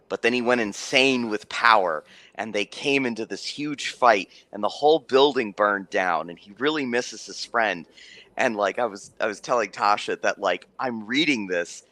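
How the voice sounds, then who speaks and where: A man's voice: mid-range voice, sharp tone, no room sound. A man who runs tabletop games, telling a story in casual stream chat, rambling with many restarts and fillers. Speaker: game master.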